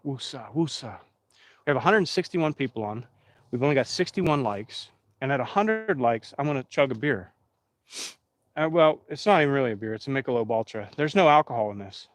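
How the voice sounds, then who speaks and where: On a dry recording, a man from Pennsylvania chats on his live stream in an expressive, medium-pitched voice at a fairly quick clip. He rambles on casually, talking right to his viewers in the chat.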